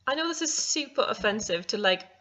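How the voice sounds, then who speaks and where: A woman's voice: fairly high pitch, animated, brisk, pushed and bright. A young woman answering viewer questions while putting on a self-conscious, giggling British accent. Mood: embarrassed, playful. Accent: put-on British. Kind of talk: vlog Q&A. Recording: dull lo-fi home recording.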